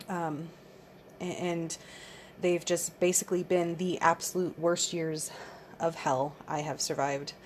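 Low-voiced candid woman in her thirties. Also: slight background noise. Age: 30s. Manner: candid, rambling, swears a lot. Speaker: podcast host. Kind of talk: casual monologue.

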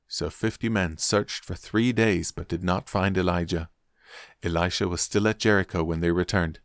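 A man with a very low, deep voice reads scripture aloud in a measured, deliberate storytelling manner. The recording is close and dry, with no room sound. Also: no echo. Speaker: Bible reader.

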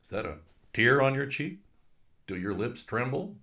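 A man voicing a folksy, wry male ghost who was once a dean, talking in a slow, dry drawl. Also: medium pitch, sing-song, sharp tone, pitched above the performer's own voice.

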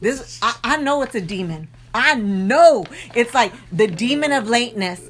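A woman co-hosting a casual faith podcast with her husband, talking in an animated, confessional way straight to her listeners. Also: a little high, moderate pace. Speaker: podcast co-host.

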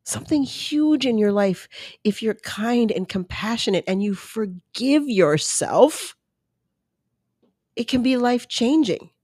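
A woman's voice: a little high, animated, slow pace, darkish tone, no echo, clean studio sound. A middle-aged woman hosting a casual solo podcast, chatty and self-deprecating, acting out her own inner voice as she talks. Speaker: podcast host.

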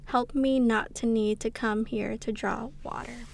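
A woman co-hosting a podcast, reading a devotional aloud at a steady, unhurried pace. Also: a little high, creaky. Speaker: podcast co-host.

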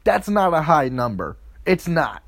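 A man's voice: very animated, a little slow. A man in his twenties telling a crude, rambling story in a swearing comedic rant. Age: 20s. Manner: jumps into loud, high-pitched mocking voices.

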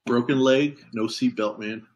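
A man's voice: medium pitch, fairly even intonation, measured pace, low-quality recording. A police officer telling a story in a casual, easygoing way, often tossing in "man". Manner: easygoing, peppers talk with "man".

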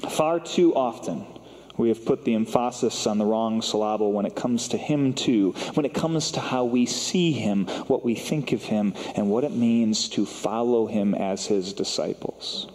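A man serves as pastor, delivering a sermon in a relaxed, conversational manner with the odd filler and self-deprecating aside. His mid-pitched voice carries a long reverb from the church sanctuary around him. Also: a little slow.

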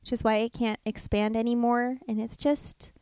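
Smooth-voiced woman in playful travel chat. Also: fairly high pitch, little pitch movement, moderate pace, darkish tone, no echo, studio quality. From California, USA. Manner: playful, teasing, laughs easily. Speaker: podcast co-host.

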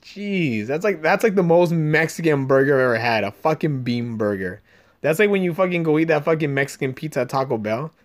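A man's voice: a little high, a little fast. Rambling, profane young man storyteller. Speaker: podcast host. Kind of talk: casual chat. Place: Los Angeles area podcast room.

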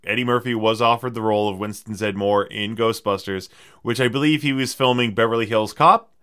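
Wry low-voiced man hosting a podcast. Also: fairly quick, a bit bright, smooth, no echo, clean studio sound. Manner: wry, sardonic storytelling with lots of fillers. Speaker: podcast host presenting movie trivia. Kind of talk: casual movie podcast chat.

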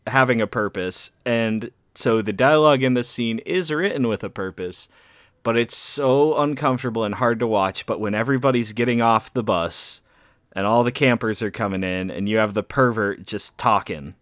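A man's voice: lowish voice, moderate pace, fairly bright tone, no room sound. Man, podcast co-host, casual and chuckling, dry close sound. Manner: laughs often while telling stories. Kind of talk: casual chat.

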